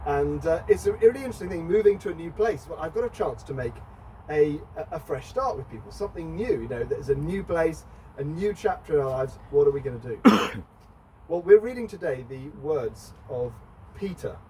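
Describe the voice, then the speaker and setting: A man's voice: on the high side, lively intonation, fairly quick, darkish tone. Middle-aged male preacher, chatty conversational sermon, mic at a distance, faint noise. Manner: chatty, asks the congregation questions. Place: church.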